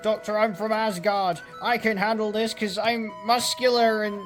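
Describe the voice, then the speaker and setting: A young man voicing a boastful muscular male god hero in a booming way. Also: flat delivery, moderate pace, a bit bright, faint music behind.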